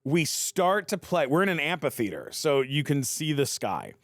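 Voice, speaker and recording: A man's voice: a little high, sing-song, moderate pace, no room sound, clean studio sound. A man telling a long story as a podcast guest, with frequent stammered restarts and a cursing punchline delivery. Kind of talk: animated storytelling.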